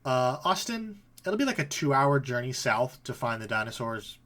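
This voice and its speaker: A man's voice: medium pitch, sing-song, moderate pace, fairly bright tone. A man narrating as game master of a tabletop game, casual and often laughing. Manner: casual, laughing, voices figures briefly.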